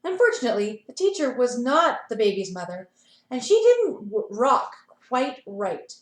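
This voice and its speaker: Over a video call, a playschool teacher reads a picture book to children at normal speed, pausing for animated asides. Her high voice sounds roomy and echoey.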